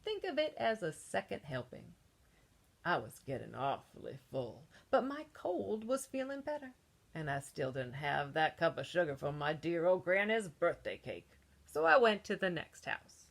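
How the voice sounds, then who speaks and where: With a sing-song, exaggerated delivery and vocal fry, a woman plays a male wolf giving his side of a children's tale. Her low voice moves at normal speed as she spins the story slyly and conspiratorially, cheeky throughout and punctuated by gasps and sneezes.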